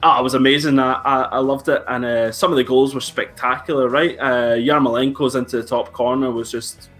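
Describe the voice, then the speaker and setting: A man, a guest on a casual live-streamed football chat, upbeat and halting, full of fillers. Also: mid-range voice, steady tone, fairly bright tone, faint music behind. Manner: upbeat, hesitant, many fillers and restarts. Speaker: guest pundit.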